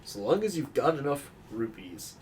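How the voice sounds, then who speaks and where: A man's voice: medium pitch, sing-song, normal speed, darkish tone, husky. A young man co-hosting a casual podcast chat, joking and swearing a lot. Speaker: podcast co-host.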